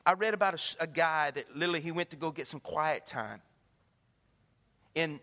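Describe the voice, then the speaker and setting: Animated preacher man in an echoey hall. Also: on the high side, normal speed. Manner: animated, calls out to the congregation, acts out the people in his stories. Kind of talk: sermon with storytelling. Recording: echoey hall with long reverb.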